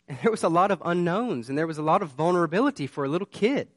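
A man's voice: high voice, animated, very fast, no echo. Earnest preacher man, dry sound. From southern United States. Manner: earnest, conversational storytelling that builds to urgent warnings. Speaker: pastor. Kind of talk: sermon with personal storytelling.

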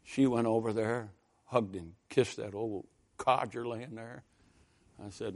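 Preaching a sermon in a fairly low, unhurried voice with fairly even intonation, a man shares folksy stories in a conversational style before building into loud, fervent exhortation.

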